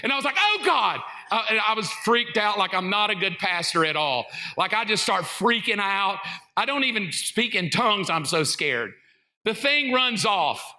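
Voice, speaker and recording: A middle-aged man with a Southern US accent, a pastor preaching a sermon full of funny stories, animated and self-mocking. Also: high voice, moderate pace. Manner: animated, self-mocking, acts out voices and sounds. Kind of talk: comedic sermon storytelling. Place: church sanctuary.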